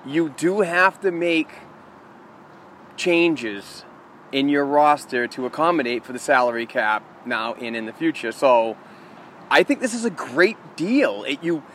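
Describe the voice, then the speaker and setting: Confident explaining man, higher voice. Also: lively intonation, measured pace, fairly bright tone, a little hiss or hum. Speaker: co-host of a hockey talk show. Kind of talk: casual analytical chat.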